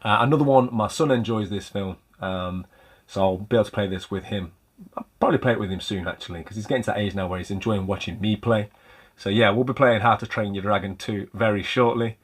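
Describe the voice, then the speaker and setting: A man's voice: on the low side, fast, husky. A man hosting a casual vlog about retro game pickups, chatty and rambling with a light self-mocking humor. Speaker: retro game collector and channel host.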